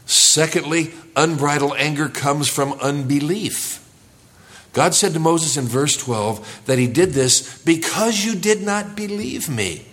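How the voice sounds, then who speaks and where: A man's voice: fairly high pitch, measured pace. Earnest man preaching a sermon. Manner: earnest preaching, rising for emphasis and dropping to quiet. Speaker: pastor. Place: church.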